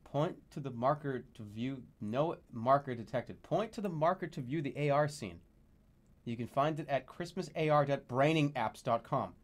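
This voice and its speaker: A man streaming a video game, reacting loudly, swearing and laughing at what happens on screen. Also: mid-range voice, normal speed. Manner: loud, exasperated, swearing and laughing. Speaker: streamer playing video games. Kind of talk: gaming commentary.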